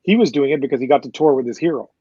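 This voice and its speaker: A man who works as a concert promoter, telling a loose, fast, profane backstage story as a guest. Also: medium pitch, warm tone, husky, dry recording, highs cut off. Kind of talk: casual storytelling.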